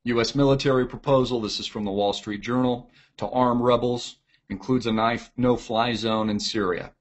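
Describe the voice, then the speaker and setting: A man's voice: mid-range voice, steady tone, normal speed. A man giving a sarcastic, ranting political commentary. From United States. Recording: dull lo-fi audio.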